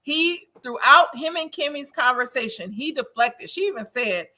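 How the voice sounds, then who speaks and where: Woman host from Wisconsin, casual recap chat, bright voice, opinionated and quick to laugh. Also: high-pitched, expressive. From Wisconsin, USA. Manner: chatty, laughs often, opinionated. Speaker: host of a TV recap show reading viewer comments.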